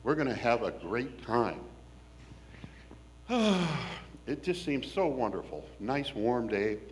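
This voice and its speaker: A man from Washington State, telling a personal story in an animated, folksy, wry way. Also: medium pitch, slow, a little hiss or hum.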